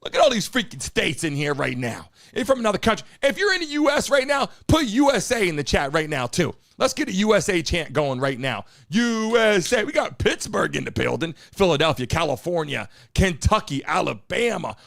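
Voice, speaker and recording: Male live-stream host, loud and hyped, swearing, lively high voice, dry studio sound. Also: brisk, creaky, few pauses, no room sound. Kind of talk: energetic live-stream talk to chat.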